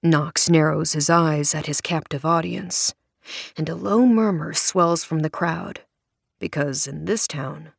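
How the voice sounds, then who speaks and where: A woman's voice: deep voice, unhurried, vocal fry, no room sound, clean studio sound. Wry woman narrating an audiobook. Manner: wry, sardonic storytelling. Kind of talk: first-person audiobook narration.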